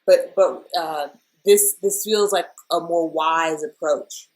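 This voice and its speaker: A woman's voice: low voice, slow pace, a little mellow, low-quality recording. Chatty woman giving a tarot reading. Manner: chatty, emotional, addresses viewers as y'all. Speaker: tarot reader. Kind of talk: casual weekly tarot reading.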